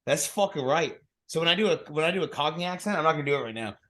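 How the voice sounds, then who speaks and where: A man's voice: fairly high pitch, animated, racing, bright, forceful tone. A man co-hosting a podcast in casual chat. He tells stories, swears freely and talks over his co-host.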